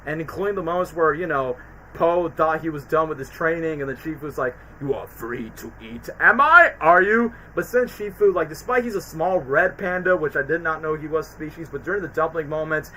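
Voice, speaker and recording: A man streaming a casual film ranking, talking in an excitable, rambling way with many fillers. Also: on the high side, a little fast, slight background noise, rough recording. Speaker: streamer reviewing films. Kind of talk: casual chat.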